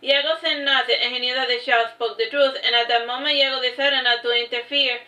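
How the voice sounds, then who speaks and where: A woman's voice: high voice, steady tone, a little fast, pushed and bright. A woman reading her own story aloud, stumbling and restarting lines as she goes. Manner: unpolished reading with frequent restarts and fillers. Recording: echoey, dull lo-fi livestream audio.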